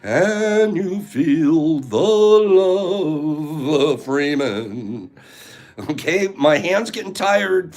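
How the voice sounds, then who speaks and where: A man hosting a playful live-stream giveaway, calling out names loudly in a singsong way. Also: high-pitched.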